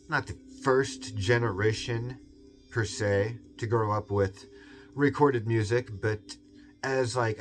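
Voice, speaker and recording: A man with a Seattle accent hosting a video essay in a rambling, digressive monologue full of fillers, musing aloud. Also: on the low side. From US West Coast.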